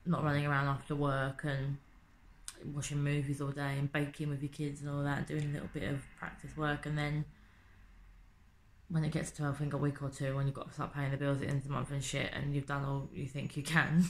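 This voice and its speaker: A woman's voice: deep voice, monotone, a little fast, a little hiss or hum. A woman, chatting casually and swearing often in a home video diary, asking rhetorical questions. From England. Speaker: vlogger. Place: home in the city.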